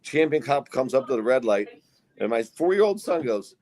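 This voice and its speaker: A man's voice: mid-range voice, sing-song, normal speed, darkish tone. A middle-aged man co-hosting a casual podcast, telling profane stories and acting out the voices of the people in them. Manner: profane storyteller, acts out quoted voices. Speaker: podcast co-host.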